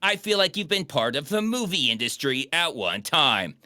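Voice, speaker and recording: Sarcastic, animated male movie riffer. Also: a little high, moderate pace, dry recording, studio quality. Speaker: co-host reviewing a bad movie. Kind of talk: casual comedic commentary.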